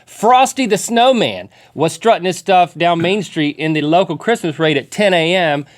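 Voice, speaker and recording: A man co-hosting a studio talk show, retelling stories with deadpan quips in casual comedic banter. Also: a little high, moderate pace. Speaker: co-host.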